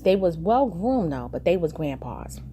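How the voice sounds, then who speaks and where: A woman with a low, gravelly voice and a dark, mellow tone talks through a reality show episode. Her delivery is chatty and gossipy, retelling who said what in a casual recap. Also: sing-song, normal speed, a little hiss or hum.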